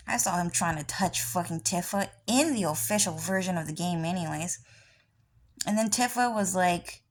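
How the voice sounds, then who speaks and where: A woman vlogger talking in a rambling, casual monologue, often swearing. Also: fairly low pitch.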